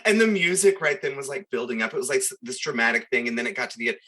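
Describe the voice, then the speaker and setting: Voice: medium pitch, expressive, rapid-fire, bright, forceful tone. A podcast co-host chatting casually about a soap opera episode, wry and sarcastic, laughing along.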